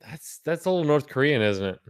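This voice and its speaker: A man's voice: fairly high pitch, animated, a little fast, smooth. A man co-hosting a casual podcast, joking around and swearing freely. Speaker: podcast co-host.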